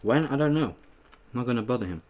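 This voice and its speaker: A young man eating on camera and telling a story in a casual, animated way, swearing freely as he acts out an argument at a shop. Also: mid-range voice, fast talker. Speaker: mukbang host.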